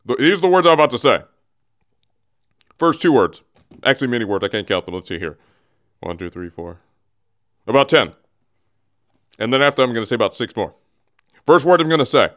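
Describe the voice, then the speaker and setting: A man's voice: mid-range voice, sing-song, a little fast, long pauses, fairly bright tone. A man hosting a radio show, rambling and joking as he builds up a tease, often restarting his sentences, speaking into a studio microphone. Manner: rambling, jokey, teasing, restarts mid-thought. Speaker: radio host. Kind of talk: casual radio monologue. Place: radio studio, also streamed on camera.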